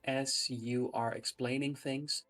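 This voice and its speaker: A man narrating as game master of a tabletop game, pausing often with fillers. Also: mid-range voice, level tone, a bit bright, soft background music. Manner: halting, with many "uh" fillers.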